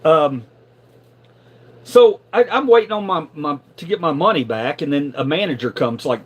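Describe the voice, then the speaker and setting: A middle-aged man tells a story live, his voice leaping up and down with feeling. He sits a little higher than most men and swears freely, stammering over repeated words whenever he gets riled. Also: normal speed, husky. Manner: animated, profane, repeats words when riled. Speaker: live streamer. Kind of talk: casual storytelling.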